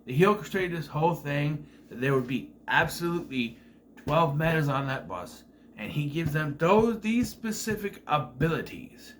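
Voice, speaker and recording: A man's voice: a little high, lively intonation, normal speed, noisy background. Rambling man giving a casual TV review. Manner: rambling, with frequent fillers and self-corrections.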